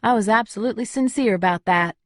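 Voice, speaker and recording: A woman narrating a first-person audiobook in an even, measured way. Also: on the high side, no echo, clean studio sound.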